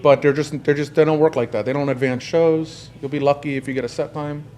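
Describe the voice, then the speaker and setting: Fast-talking higher-voiced male host. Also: fairly even intonation, darkish tone. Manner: advising, talks fast and at length. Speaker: artist manager, podcast host. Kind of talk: casual podcast conversation.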